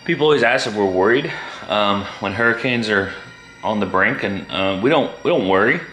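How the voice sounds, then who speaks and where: A man, chatting casually at home as a family vlogger, relaxed and rambling. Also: on the low side, moderate pace, soft background music. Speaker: vlogger and father. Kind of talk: casual chat.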